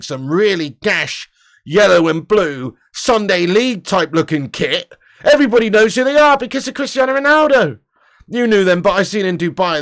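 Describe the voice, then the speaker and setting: Footy streamer guy, high voice, swears a lot, chats with viewers, laughs along. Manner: chatty, swears and laughs, reads viewer comments. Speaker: football channel host. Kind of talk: casual livestream commentary.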